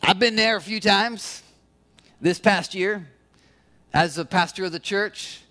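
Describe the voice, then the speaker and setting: High-voiced animated male pastor preaching. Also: unhurried. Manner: animated, acts out quoted complaints in a higher voice. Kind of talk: sermon.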